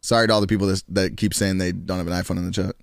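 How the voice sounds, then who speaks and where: A deep, creaky, flatly delivered voice races along as a New York-accented man in his twenties talks loosely with his stream chat, profane and quick to laugh. There is no room sound, and the quality is studio-grade.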